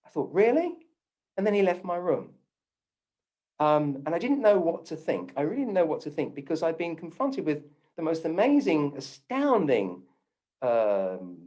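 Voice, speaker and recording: A man's voice: fairly high pitch, a little mellow. A man giving a talk, telling a personal story and acting out the voices he quotes, with frequent ums and restarts.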